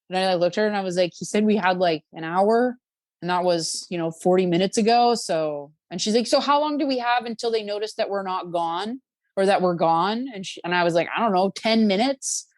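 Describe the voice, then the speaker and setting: Animated storytelling woman on a podcast. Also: medium pitch, dry recording. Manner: animated, acts out quotes with fillers. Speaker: podcast guest. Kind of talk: casual storytelling.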